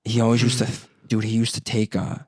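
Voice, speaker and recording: A man's voice: lowish voice, steady tone, quick pace, creaky, husky, dry recording. Profane rambling young man, dry close mic. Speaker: podcast host. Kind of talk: casual chat.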